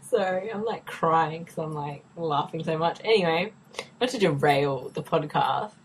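A woman co-host with a deep, low-pitched voice talks loosely and eagerly. She laughs often and fills her sentences with "like" and "you know," the way friends talk on a casual podcast. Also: a little slow, a little hiss or hum, poor audio. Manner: chatty, laughs often, many fillers. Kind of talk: casual chat.

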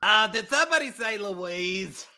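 A man's voice: sits high, animated, unhurried, full character voice. A man voicing Louise, a distraught, melodramatic wife in an improvised role-play game. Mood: distressed. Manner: melodramatic, pleading then shouting.

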